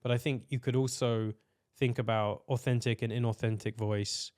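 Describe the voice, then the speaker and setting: A man's voice: medium pitch, fairly even intonation, normal speed, darkish tone. A man who is a podcast guest and voice artist, talking earnestly and reflectively in conversation, leaning on frequent "like" fillers as he searches for words.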